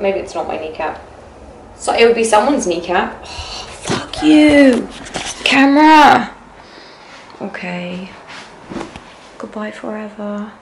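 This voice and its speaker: A woman's voice: mid-range voice, vocal fry, background noise. A young woman vlogging to a camera she points at herself in her apartment, rambling and chatty with many fillers. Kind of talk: casual talk to camera. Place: indoors in an apartment being packed up. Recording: roomy echo.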